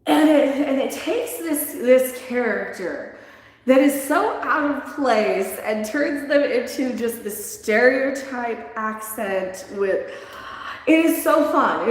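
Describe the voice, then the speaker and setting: A lively woman streamer rambles through a casual review, laughing and restarting her sentences as she goes. Her voice sits a little high and swoops widely in pitch. The sound bounces around a very echoey room with a long reverb tail. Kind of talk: casual live-stream chat.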